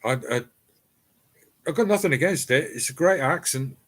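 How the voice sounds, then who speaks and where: A man's voice: a little high, lively intonation, moderate pace. A middle-aged man with an East Cornish accent, hosting a casual live stream from his cellar and chatting to viewers with frequent ums and restarts. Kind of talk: casual live chat reading viewer comments. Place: home cellar.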